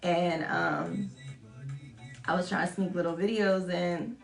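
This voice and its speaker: A woman's voice: fairly even intonation, takes it slowly, creaky. Young woman, casual vlog storytelling, swears a lot, self-mocking, roomy echo, faint music behind. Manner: chatty, swearing, self-mocking, acts out quotes in high voices. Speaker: vlogger. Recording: echoey room.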